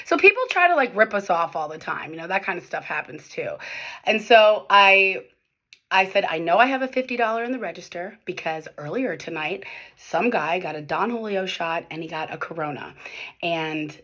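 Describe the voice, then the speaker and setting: A young adult woman bartender, getting over a slight cold, telling work stories to camera in a chatty, animated way. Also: fairly low pitch, normal speed. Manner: animated, chatty, acts out quotes with filler words. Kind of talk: casual storytelling to camera.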